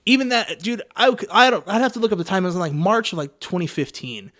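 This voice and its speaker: Man, from Texas, pro wrestler, high voice, casual storytelling, profane, rambling. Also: expressive, quick pace, sharp tone. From San Antonio, Texas.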